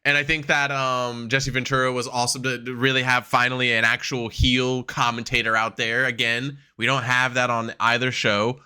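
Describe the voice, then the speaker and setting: A man's voice: mid-range voice, level tone, moderate pace, hardly any pauses, pushed and bright, clear, resonant tone. A man co-hosting a wrestling podcast, chatting casually, swearing freely and laughing often as he acts out quotes. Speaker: podcast co-host.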